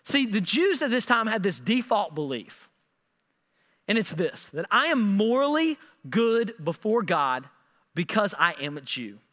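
A man preaching a sermon, animated and repeating words as he acts out scripture quotes. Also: high-pitched, unhurried, big-room sound. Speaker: pastor.

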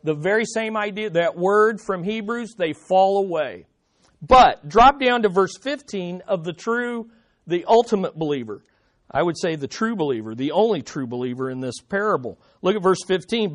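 A male pastor preaching a verse-by-verse sermon, emphatic and conversational, often checking in with his congregation. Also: high-pitched. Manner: emphatic, rises and falls in intensity, asks the congregation questions. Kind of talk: expository sermon.

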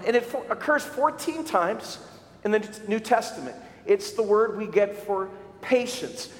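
A male pastor preaching a sermon, telling stories with animated shouts for emphasis. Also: sits high. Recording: echoey hall recording.

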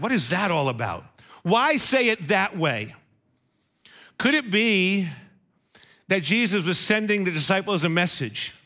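A man's voice: high-pitched, sing-song, a little slow, pushed and bright. A man preaching a sermon in a conversational way, often asking his listeners questions.

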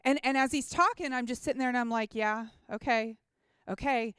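A woman gives a personal faith testimony in a casual, heartfelt way, full of "like"s and restarts. Her voice sits high and sounds smooth and clear. The recording is dry and close. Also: fast, a bit bright, no echo. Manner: casual and earnest, lots of "like" and restarts. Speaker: mission trip team member.

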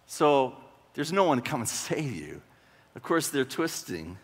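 A man's voice: mid-range voice, very animated, unhurried, husky, in a large hall. A male pastor preaching a sermon, retelling scripture conversationally with rhetorical questions and bursts of drama.

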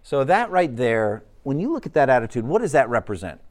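A man's voice: medium pitch, big pitch swings, a little fast. A man teaching a Bible study lesson in a conversational way, often asking the class questions.

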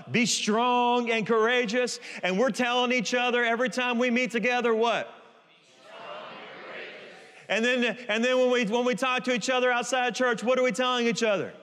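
A man's voice: extremely high pitch, pushed and bright, clean tone. A man preaching a sermon in a church, emphatic, and he keeps asking the congregation to call the words back. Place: large church hall. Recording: reverberant church hall.

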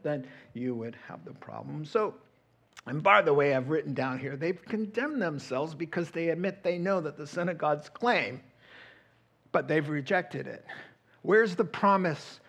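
A middle-aged man preaching a sermon as pastor, animated and acting out quoted voices. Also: sits high, husky.

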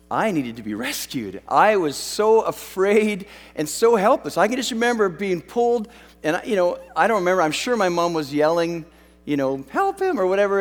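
A pastor from Western Canada with a high, light voice preaches in a loose, conversational way and pokes fun at himself as he tells a childhood story. His words ring out with a long reverb, as if in a large church hall. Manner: conversational storytelling with self-deprecating humor. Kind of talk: sermon.

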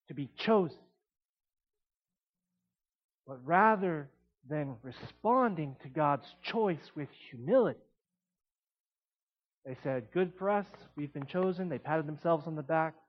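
A man preaching a sermon in an animated way, shifting between quiet explanation and emphatic points. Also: on the high side, slow, long pauses, dull audio.

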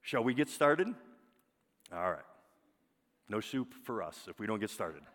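A man preaching a sermon as pastor, emphatic, often dropping to a soft, drawn-out single word for weight. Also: lowish voice, sing-song. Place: church sanctuary. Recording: long hall reverb.

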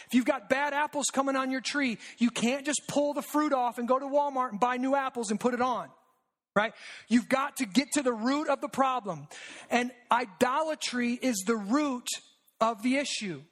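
Mid-sermon, a preacher speaks in a rhetorical, repetitive style, repeating lines and dropping in quick "right?" checks. His delivery is steady and earnest, and he drives key phrases home by sinking lower and quieter.

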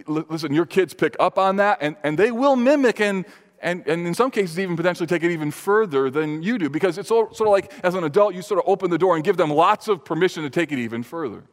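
A man's voice: sits high, lively intonation, quick pace. A male pastor preaching a sermon, earnest and emphatic, rising for stress and dropping to near-confiding tones. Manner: earnest, emphatic preaching with sudden lifts and drops. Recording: reverberant hall.

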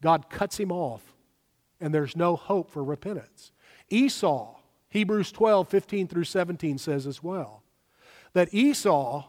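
A pastor delivers his sermon in a raised, high-pitched voice, pressing hard on the words he wants to land. The sound carries the long reverb of a large church hall. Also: expressive. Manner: emphatic, slows down for stress.

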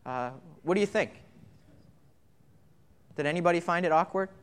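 A man's voice: on the high side, moderate pace, clear, resonant tone. A man preaching in a church, talking casually with the congregation and often repeating words as he starts a phrase. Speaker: pastor. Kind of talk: sermon with congregation interaction. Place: church sanctuary.

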